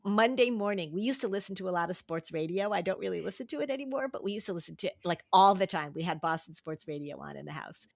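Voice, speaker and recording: Middle-aged woman podcast host: casual, animated, quick to laugh, dry close sound. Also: lowish voice, vocal fry, no echo. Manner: animated, laughs often, acts out quoted voices. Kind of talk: casual chat.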